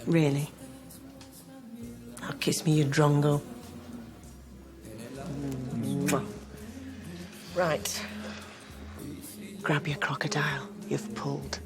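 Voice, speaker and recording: An actress playing a dry, teasing wife in a sitcom. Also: female voice, low-pitched, little pitch movement, extremely slow, long pauses, loud music behind the voice. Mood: exasperated. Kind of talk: sitcom acting.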